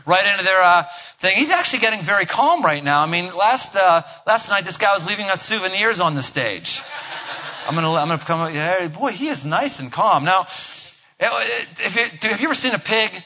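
A man's voice: high voice, animated, brisk, pushed and bright, highs cut off, slight background noise. A man preaching a sermon from a church stage, joking with the congregation in a casual, conversational way. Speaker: pastor.

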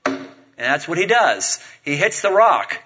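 A male pastor preaches a sermon in a conversational, playful way, getting the congregation to join in. His voice is a little high and very animated at a measured pace. The lo-fi recording sounds dull, with a noisy background.

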